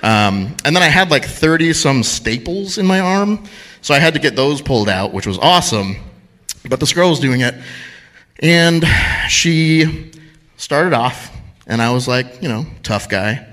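A man's voice: fairly high pitch, animated, a little slow, fairly bright tone. A man telling a self-mocking story on stage at a live storytelling event, laughing at his own mishaps.

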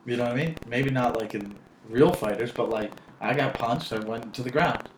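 Guest: thirties man, from South Florida, loose rambling delivery, mid-pitched, boomy hissy badly set-up room. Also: moderate pace. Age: 30s. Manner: rambling, filler-heavy, self-interrupting. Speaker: podcast guest, stand-up comic. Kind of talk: casual conversation. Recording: echoey, noisy amateur podcast audio.

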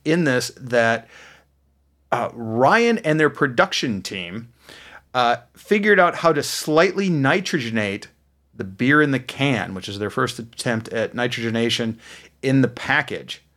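A man co-hosting a casual beer podcast, explaining things in a halting way with many fillers. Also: medium pitch, lively intonation, fairly bright tone. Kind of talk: casual chat.

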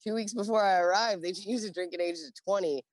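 A woman's voice: mid-range voice, quick pace, no room sound, clean studio sound. A woman in her forties, a Navy veteran, telling stories in a casual interview, profane and laughing often. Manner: lively, profane, laughs often, acts out dialogue.

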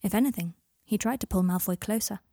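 A woman reading a story aloud in a calm, even storytelling manner. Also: mid-range voice, fast, no room sound, studio quality. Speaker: audiobook reader. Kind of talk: scripted narration.

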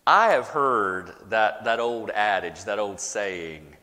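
A man preaching a sermon as pastor, with dramatic pauses and rising, emphatic repetition. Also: on the low side, lively intonation, bright, forceful tone, big-room sound.

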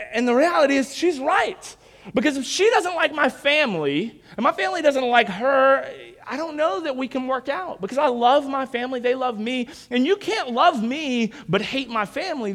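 A man's voice: extremely high pitch, moderate pace. A young man preaching a sermon, telling stories and acting out quoted lines with animation. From Virginia, United States. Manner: animated storytelling, acts out quotes. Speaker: pastor.

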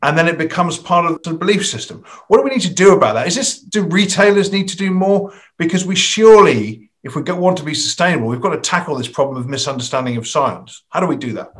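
A man's voice: a little high, lively intonation, fast, few pauses, fairly bright tone. Chatty male podcast host. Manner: chatty, tells anecdotes. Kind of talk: podcast interview.

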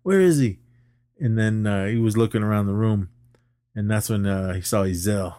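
A man co-hosting a podcast, retelling a film's plot in a casual, animated way and laughing often. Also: lowish voice, moderate pace, no echo. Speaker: podcast co-host. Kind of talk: casual movie recap chat.

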